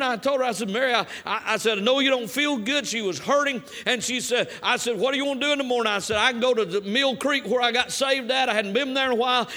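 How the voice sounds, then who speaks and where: Folksy preacher, bright high voice. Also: male voice. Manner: folksy, rising to fervent preaching. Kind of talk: storytelling sermon.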